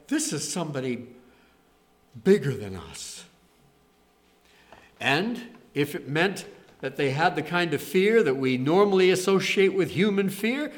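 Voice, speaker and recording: A man preaches in a loose, conversational way, walking his listeners through scripture stories. His voice sits somewhat high for a man. He lifts his voice and animates the quoted lines, then drops back to an easy explaining tone. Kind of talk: sermon on scripture.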